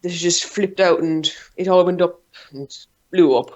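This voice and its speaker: A man from Ireland with an Irish accent, calling into a live stream over Skype and rambling quickly with lots of swearing. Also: high-pitched, muffled recording. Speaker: caller. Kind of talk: casual chat. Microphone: Skype call.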